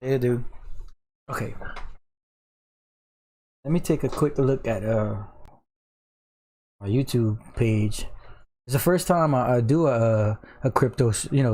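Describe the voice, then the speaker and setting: A man's voice: mid-range voice, a little mellow. A man, hosting a casual crypto live stream, tired from lack of sleep, rambling and laughing. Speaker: crypto livestream host.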